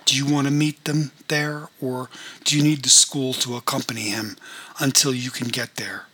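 A male narrator reads a school administrator who keeps order in a crisis, steady and businesslike. The husky voice carries a sharp, tense edge that cuts through the room. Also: medium pitch, normal speed.

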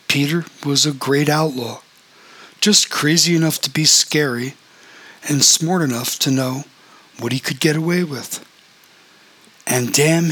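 A man reading an audiobook in a steady, even storytelling voice. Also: mid-range voice. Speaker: audiobook narrator.

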